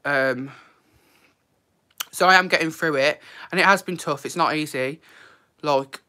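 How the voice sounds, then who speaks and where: A man hosts a casual live stream, talking openly and with feeling. His delivery is loose and chatty, full of "like" and "literally." The voice sits bright and forward. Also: on the high side, measured pace. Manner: chatty and emotional, heavy use of "like" and "literally".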